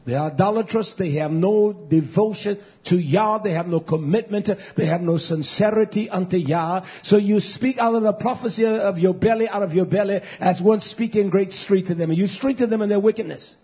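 A man preaching a fiery sermon as pastor, dropping to low mutters and rising to shouted, high cries. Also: normal speed, few pauses, slightly rough. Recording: dull lo-fi sound.

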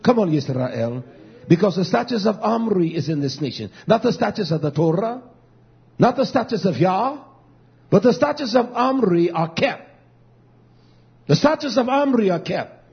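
A man preaching a fiery sermon, swinging between loud declarations and low, muttered asides. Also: big pitch swings, normal speed, vocal fry, breathy edge. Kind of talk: fiery street-style sermon. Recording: dull lo-fi recording.

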